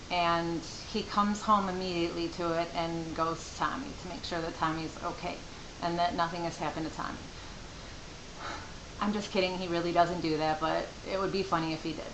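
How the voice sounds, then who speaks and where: Middle-aged mom rambling thru a home story, lots of asides, roomy echo and faint hiss. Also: female voice, lowish voice. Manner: rambling, chatty, with fillers and asides. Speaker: mother. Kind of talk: casual storytelling to camera. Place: home room. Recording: echoey room with faint hiss.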